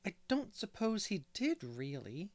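A man voicing an earnest young woman who speaks gently and fairly, in a dry audiobook reading. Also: high-pitched, wildly swooping pitch, measured pace, no room sound, pitched above the performer's own voice, heavily acted.

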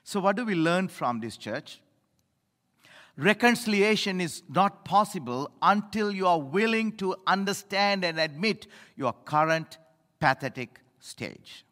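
A middle-aged male pastor preaching a sermon, emphatic, swinging between loud appeals and low asides, in a church. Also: animated, measured pace. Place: church sanctuary. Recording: echoey hall reverb.

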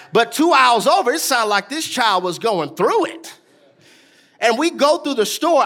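A high-pitched man in his thirties, a pastor, preaches a sermon directly to his congregation. His delivery builds into shouting with a sing-song rhythm.

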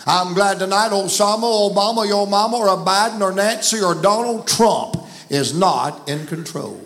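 A man's voice: high voice, normal speed, fairly bright tone. A man with a Southern American accent preaching a folksy, emphatic sermon in a church. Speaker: guest preacher. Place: church sanctuary.

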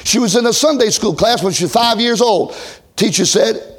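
Middle-aged man, pastor, high voice, folksy revival preaching with big loud-to-soft swings. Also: animated, a little fast. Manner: folksy, swinging from loud shouting to hushed near-whisper. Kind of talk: revival sermon.

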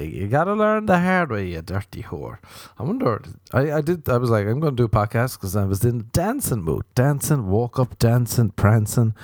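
A man hosting a podcast in a rambling comedic monologue, profane and animated, often jumping into sudden high mock voices. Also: dry recording, clean studio sound. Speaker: podcast host.

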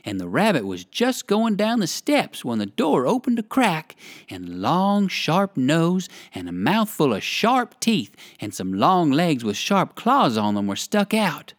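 A narrator reading a children's story aloud in an expressive, sing-song way. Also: mid-range voice, a little slow, no room sound, clean studio sound.

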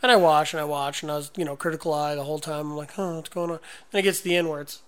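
A man co-hosting a casual podcast. He jokes around and chimes in with quips. His voice sits fairly high for a man. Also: fairly even intonation, rapid-fire, a bit bright, smooth. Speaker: podcast co-host.

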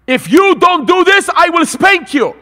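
A preacher doing a stern shouting Middle Eastern father. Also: animated, long reverb tail, exaggerated voice. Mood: threatening. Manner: loud, slow, booming threats.

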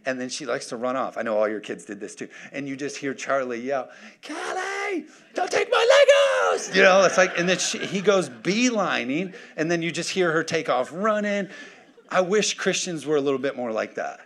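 A man in his thirties preaching a sermon as pastor, energetic and full of joking asides. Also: fairly high pitch, brisk.

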